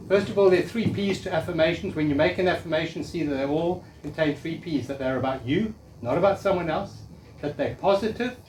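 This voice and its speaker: Man, 50s, workshop speaker, earnest and coaxing, slightly high voice, distant mic. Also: a little hiss or hum. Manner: earnest, coaxing, leads audience call-and-response. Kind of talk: live spiritual talk to an audience. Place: room with a live audience.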